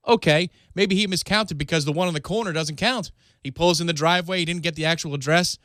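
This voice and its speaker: Plainspoken radio co-host man, fairly high voice. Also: brisk, bright, forceful tone, dry recording, studio quality. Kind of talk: casual talk radio banter. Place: radio studio.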